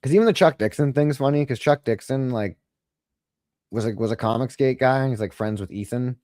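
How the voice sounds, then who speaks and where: A man's voice: medium pitch, brisk, dark tone, no echo, studio quality. A man co-hosting a casual podcast chat, rambling and profane with a mocking tone. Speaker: podcast co-host.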